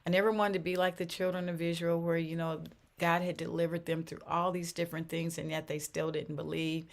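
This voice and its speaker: An older woman with a somewhat low voice shares a personal testimony of faith in an interview. She speaks earnestly and repeats herself as she goes. Her voice rises and sinks with feeling. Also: little pitch movement, a little fast, vocal fry. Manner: earnest, repeats phrases, voice swells and drops with emotion. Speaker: interview guest.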